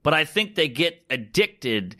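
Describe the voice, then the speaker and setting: A man, a comedian from the United States, telling stories in casual podcast chat, animated, acting out voices and swearing freely. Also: a little high, unhurried. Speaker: stand-up comedian, podcast guest.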